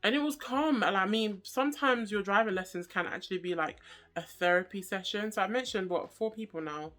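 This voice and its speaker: A woman in her twenties telling a casual, jokey storytime to camera, chatty and animated, with slang and asides. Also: mid-range voice, brisk, soft background music. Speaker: vlogger.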